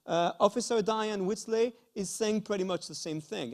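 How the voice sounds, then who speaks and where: A middle-aged university lecturer from France, speaking with a French accent, gives a talk in a school conference hall. His voice is high, at normal speed with few pauses and a slightly mellow quality. Delivery is hesitant, full of fillers and restarts, with a frequent "okay?".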